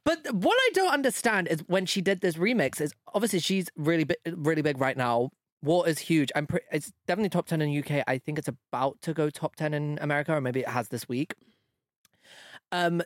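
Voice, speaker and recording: A man's voice: fairly high pitch, animated, a little fast, dry recording. Brief: young male podcast co-host, loose and sweary, laughs a lot, dry close sound. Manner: chatty, swears freely, laughs often. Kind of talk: casual chat.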